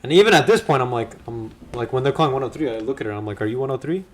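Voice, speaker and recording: A man hosting a podcast, telling a story in lively casual chat with slang. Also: mid-range voice, very fast. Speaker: podcast host.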